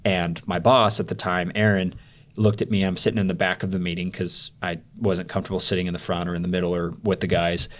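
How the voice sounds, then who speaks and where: Deep-voiced young man telling a story. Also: level tone, a little fast, a bit bright. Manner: loose and rambling, heavy use of "like" fillers. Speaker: podcast guest. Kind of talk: storytelling in a casual interview.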